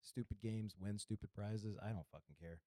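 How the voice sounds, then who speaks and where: A man's voice: lowish voice, fairly even intonation, normal speed, dark tone, no echo, studio quality. A man co-hosting a podcast in a casual chat, blunt and profane. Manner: blunt and profane, talks over the other host. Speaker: podcast co-host.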